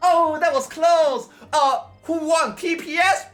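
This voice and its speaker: A man's voice: very high voice, fairly even intonation, slow, a bit bright, faint music behind, pitched above the performer's own voice, full character voice. A man putting on the voices of nonchalant male esports players chatting casually, laid-back and repeating himself. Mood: easygoing.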